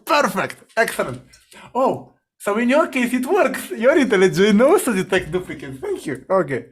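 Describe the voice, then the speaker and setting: A man runs a live group coding session, his voice sitting a touch high for a man. He thinks aloud, questions names and fires off quick directions to whoever is typing. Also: sing-song, slight background noise. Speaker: session facilitator.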